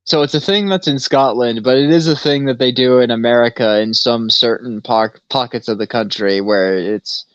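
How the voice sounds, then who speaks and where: A man's voice: mid-range voice, moderate pace, few pauses, clean tone, no room sound. A man co-hosting a casual podcast, telling stories loosely, swearing and laughing often. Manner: laid-back storyteller, swears freely, laughs often. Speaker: podcast co-host. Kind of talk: casual chat. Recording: slightly dull lo-fi sound.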